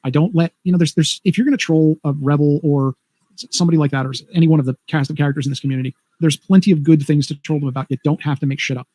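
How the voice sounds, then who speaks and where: A man's voice: fairly high pitch, fairly even intonation, dark tone, no echo. A man on a stream panel, ranting emphatically in casual chat. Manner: rapid, emphatic ranting with restarts.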